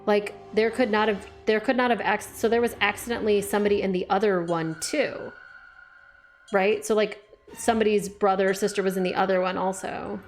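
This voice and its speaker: A woman's voice: medium pitch, steady tone, fairly quick, faint music behind. A young woman streaming a game, chatting casually with lots of "like" and reading the game's text aloud.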